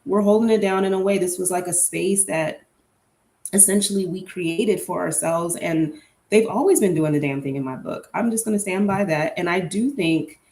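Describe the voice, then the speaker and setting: A young woman chats candidly on her podcast, throwing out opinions with plenty of fillers. Her voice sits a little low. The room around her is echoey. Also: moderate pace, a little mellow. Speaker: podcast host. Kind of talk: casual solo podcast chat.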